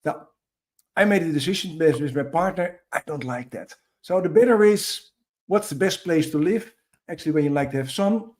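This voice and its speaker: A man from the Netherlands with a Dutch accent, a guest expert explaining himself earnestly in halting, restarting sentences. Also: fairly high pitch, darkish tone. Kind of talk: casual interview talk.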